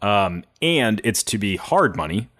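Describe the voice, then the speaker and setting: A man's voice: fairly low pitch, sing-song, a little slow, fairly bright tone. A man co-hosting a casual podcast, talking in rambling, restarting sentences full of fillers. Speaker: podcast co-host. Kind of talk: casual chat.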